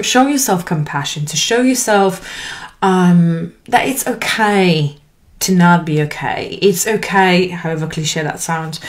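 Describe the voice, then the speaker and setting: A woman in her thirties giving an earnest, encouraging motivational talk to camera as a life coach, with lively swings in pitch. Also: slight background noise. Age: 30s.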